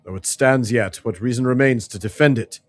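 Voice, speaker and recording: A man's voice: mid-range voice, a little fast, soft background music, close to an everyday voice. A man voicing a grief-maddened, vengeful warrior who speaks bitterly and accusingly in a fantasy game. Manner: bitter, accusing, bursts into shouting.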